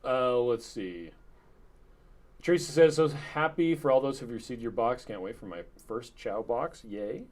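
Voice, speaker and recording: A man co-hosting a live stream, chatting casually and reading viewer comments aloud in a relaxed, quiet way. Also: mid-range voice, unhurried. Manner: relaxed, reads chat messages in a quiet flat tone.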